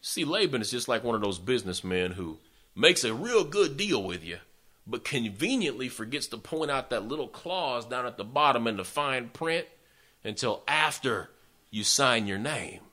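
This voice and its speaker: Folksy, bright-voiced male preacher. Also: mid-range voice, moderate pace. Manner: folksy, animated storytelling with direct address. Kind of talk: storytelling sermon.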